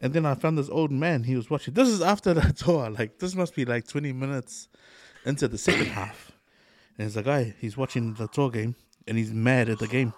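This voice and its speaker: A man's voice: medium pitch, a little fast, dry recording. A New man hosting a podcast, telling stories in casual chat with lots of swearing and laughter. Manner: animated storytelling, swears often, laughs mid-sentence. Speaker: podcast host.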